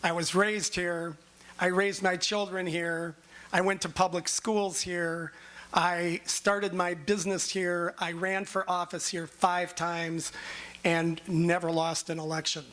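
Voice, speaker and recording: A man from Minneapolis speaking with a notably high voice at a public forum. He gives a confident opening statement, listing his campaign points in order. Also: bright, forceful tone. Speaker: mayoral candidate.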